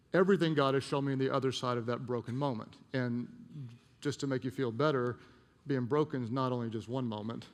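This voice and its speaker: Male pastor, sermon delivery, gravelly texture, hushed storytelling lows, long church-hall reverb. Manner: storytelling, drops to a hushed voice for emotional moments. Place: church auditorium.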